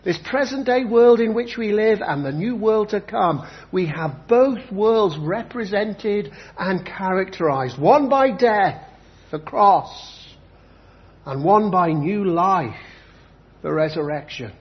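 A man preaching a sermon with emphatic delivery, repeating key phrases slowly for effect. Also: sits high, expressive. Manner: emphatic, with slow dramatic repetitions. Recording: dull lo-fi recording.

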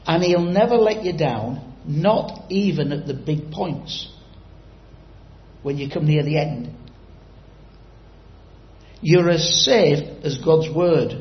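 A man's voice: a little high, slow pace, pauses often, echoey room, lo-fi sound. A man preaching a sermon, telling a story and quizzing the congregation directly.

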